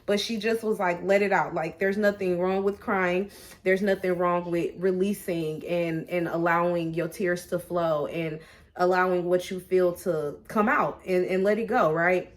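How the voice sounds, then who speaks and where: A woman vlogger talking candidly to her viewers in a chatty, animated way, full of fillers and restarts. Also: lowish voice, unhurried. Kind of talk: casual personal talk to camera.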